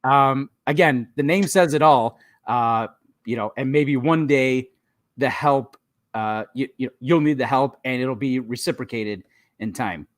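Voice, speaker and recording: A man co-hosting a casual history podcast, relaxed and chatty, laughing often and pausing with ums. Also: medium pitch, dry recording, clean studio sound. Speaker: podcast co-host.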